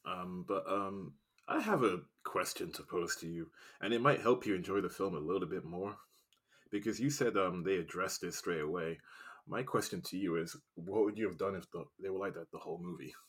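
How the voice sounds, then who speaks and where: A man with a very low, husky voice chatting about films in a relaxed way. He hesitates often with fillers and laughs easily. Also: a little fast. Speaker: podcast co-host. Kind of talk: casual chat.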